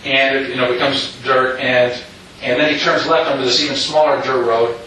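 A middle-aged man tells his own story to an audience in a rambling way, full of asides and restarts. His tone is bright and forceful. He is caught from a distance in a strongly echoing hall with a faint hiss underneath. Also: medium pitch, level tone, normal speed. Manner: rambling, with frequent "you know" asides and restarts. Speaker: speaker telling his story. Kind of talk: personal story told to an audience. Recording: echoey hall, distant mic.

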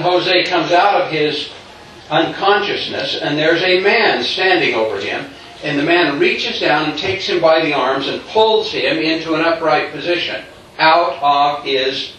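A man's voice: on the high side, a bit bright. A man telling a story in a sermon-like way, acting out what people said and chuckling along. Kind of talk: preached storytelling. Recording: very echoey hall, distant mic, faint noise.

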